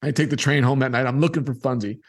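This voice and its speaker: A man's voice: mid-range voice, steady tone, fast talker, husky. A middle-aged man telling a personal childhood story and acting out the people in it.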